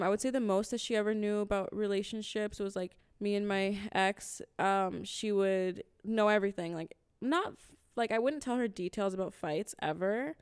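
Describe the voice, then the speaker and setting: A young woman in casual chat, relaxed and chatty, sharing her own experiences. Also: mid-range voice, clear, resonant tone. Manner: relaxed, chatty, reactive listener.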